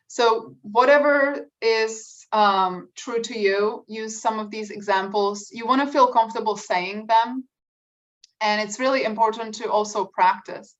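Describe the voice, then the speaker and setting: Woman coaching from across a room. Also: on the high side. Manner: conversational, drawn-out emphasis with fillers. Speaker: career coach. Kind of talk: workshop talk on salary negotiation. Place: meeting room. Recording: distant, dull lo-fi room recording.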